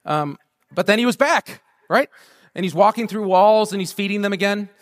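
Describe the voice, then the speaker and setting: High-voiced man preaching a lively sermon. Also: moderate pace. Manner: conversational and humorous, building to a rousing fervent prayer.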